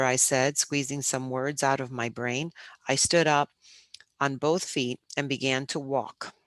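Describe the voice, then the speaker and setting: A woman teacher reading a children's novel aloud, expressive and stumbling over words now and then. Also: very deep voice, a little slow, no room sound. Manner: expressive, with frequent restarts. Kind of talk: storybook read-aloud.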